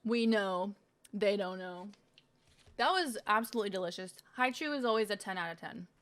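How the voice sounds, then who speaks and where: A woman's voice: mid-range voice, animated, moderate pace, fairly bright tone. A young woman streaming, chatting casually and swearing a lot while she tastes snacks. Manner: chatty, swearing, laughing, talking while eating. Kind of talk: casual unboxing stream chat.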